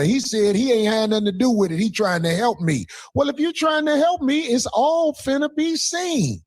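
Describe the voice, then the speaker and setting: A man giving heated casual commentary, ranting and mocking in a profane, animated way. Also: high voice.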